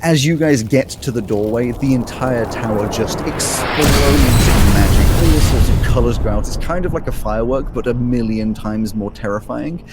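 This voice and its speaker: A man's voice: medium pitch, moderate pace, few pauses, very noisy. A man running a tabletop game as game master, narrating scenes vividly and laughing with the players. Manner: lively descriptive narration with laughter. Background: soft fantasy music.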